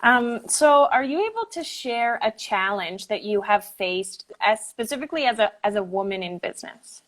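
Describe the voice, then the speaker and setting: A woman's voice: fairly high pitch, animated, moderate pace, a bit bright. A woman hosting a casual interview, asking questions and answering with short affirmations. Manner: encouraging listener, short affirmations. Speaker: host. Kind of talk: casual video-call interview.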